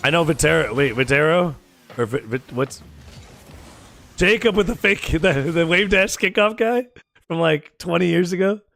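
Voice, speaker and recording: An American man streaming a game and chatting casually with his viewers, joking, teasing and firing off quick questions. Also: fairly high pitch, expressive, creaky, a bit bright. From United States. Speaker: gaming streamer.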